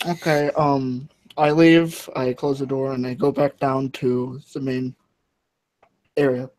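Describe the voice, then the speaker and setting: A man's voice: medium pitch, flat delivery, slow, a little mellow. A man playing a tabletop game, describing his character's actions casually in first person. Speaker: player.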